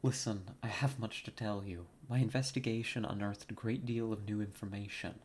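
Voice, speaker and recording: A man voicing a calm middle-aged German doctor with a put-on German accent, reading game dialogue aloud in a slow, measured way. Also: on the low side, a little hiss or hum, natural voice. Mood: grave.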